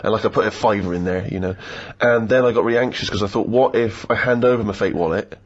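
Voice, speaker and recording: Fast, husky man rambling anxiously. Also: fairly low pitch, dull audio. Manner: quick, anxious, overthinking rambling. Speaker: comedy podcast co-host. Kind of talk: casual comic chat.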